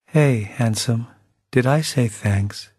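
Un uomo che dà voce a un giovane prigioniero americano, sfacciato e seducente, che strascica le parole. La voce è un po' roca, registrata asciutta, da audiolibro. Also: male voice, medium pitch, slow, a little mellow, husky, no echo, clean studio sound. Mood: flirtatious.

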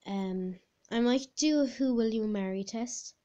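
A chatty female vlogger with a fairly high voice, talking slowly and unhurriedly as she thinks out loud. She fills pauses with ums and jumps into excited squeals now and then, in a casual, off-the-cuff way. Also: dull audio. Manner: chatty, thinks aloud with many fillers, bursts into squealing outbursts. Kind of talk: casual chat while taking online quizzes.

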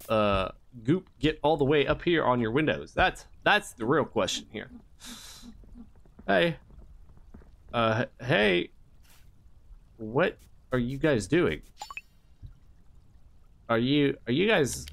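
This gaming YouTuber's medium-pitched, fairly bright voice swings widely in pitch, coming out slow and creaky with long pauses. He rambles jokingly through a horror game in a comedic let's play, adding mock-innocent asides and sing-song sound effects.

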